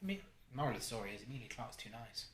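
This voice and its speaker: A man hosting a casual film chat podcast. He talks in an animated, rambling way with frequent restarts. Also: mid-range voice, rapid-fire, reverberant. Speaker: podcast host.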